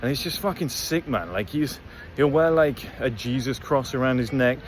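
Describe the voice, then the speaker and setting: A motivational vlogger hosting his own channel speaks to camera in a blunt, rambling, profane monologue. His voice is medium-pitched at a moderate pace, with a little hiss or hum in the audio.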